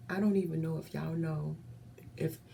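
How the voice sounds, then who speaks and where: A woman vlogger giving impassioned commentary, earnest and often dropping to a hushed whisper. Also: low voice, fairly even intonation, normal speed, creaky, a little hiss or hum.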